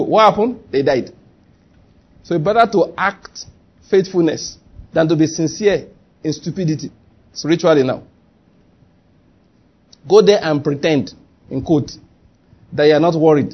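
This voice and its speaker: Nigerian male pastor, raised voice, lively sermon delivery, muffled low-fi recording. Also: normal speed, pauses often, husky. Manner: lively, chatty preaching with acted-out quotes and laughter.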